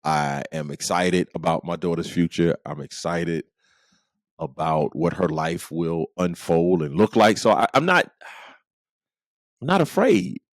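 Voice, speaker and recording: A man's voice: deep voice, expressive, a little slow, no room sound. A middle-aged man hosting a podcast, joking through a comedic monologue with playful asides and frequent laughter. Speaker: podcast host.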